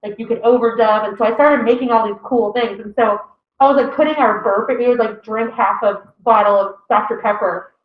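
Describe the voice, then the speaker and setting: A woman telling stories in a loose, animated way, jumping her voice up when she quotes someone. Her voice sits a bit high, and the sound is roomy and dull, like a lo-fi recording in a bare room. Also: brisk. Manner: animated, acts out quotes in a raised voice. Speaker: podcast co-host. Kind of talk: casual storytelling chat.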